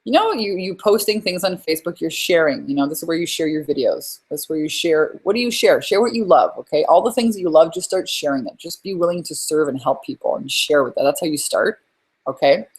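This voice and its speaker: A woman hosting a live webinar from home as a business coach, talking in an energetic, rambling, emphatic way. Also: low voice, brisk, breathy edge.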